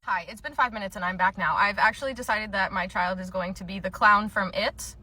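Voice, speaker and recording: A woman's voice: medium pitch, fairly quick, bright, forceful tone. A woman voicing a pushy, whiny mother hunting for a costume and blaming the clerk.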